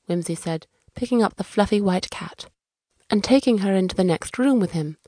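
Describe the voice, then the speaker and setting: A woman narrating a children's audiobook in a clear, measured storytelling manner. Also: medium pitch, dark tone, no echo, studio quality.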